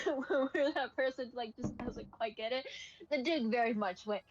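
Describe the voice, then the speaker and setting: Woman streamer telling a story all animated, muffled lo-fi mic, bit of hiss. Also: on the high side, a little slow. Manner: animated storyteller, acting out quoted lines. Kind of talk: casual chat, retelling a film plot. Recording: dull lo-fi mic with faint noise.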